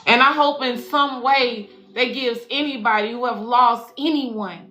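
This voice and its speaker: Unhurried and sharp-toned, her voice on the high side, a spiritual life coach and intuitive reader swears affectionately through a casual tarot livestream, calling viewers y'all and baby. The room is echoey, with faint music.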